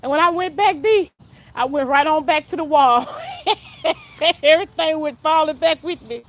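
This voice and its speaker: High-voiced, laughing woman vlogger. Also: normal speed. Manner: chatty, full of laughter, speaks straight to the viewers. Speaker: vlogger talking to viewers. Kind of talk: casual outdoor vlog chat. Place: outdoors in a yard.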